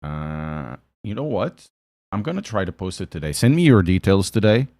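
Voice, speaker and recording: Deep-voiced Portuguese man chatting on stream. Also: big pitch swings, normal speed, darkish tone, dry recording. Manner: chatty, joking, answering chat while driving. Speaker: sim racing streamer. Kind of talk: casual live-stream chat.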